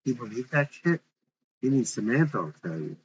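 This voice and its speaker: A man's voice: medium pitch, big pitch swings, moderate pace, muffled recording, slight background noise, close to an everyday voice. A man reading the part of an insecure young boyfriend who pleads and apologizes.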